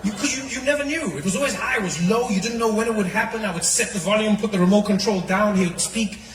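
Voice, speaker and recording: A male comedian doing animated stand-up comedy with mocking, repeated punchlines. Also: sits high, quick pace, distant mic, background noise. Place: live comedy venue. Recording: echoey live club recording, loud audience.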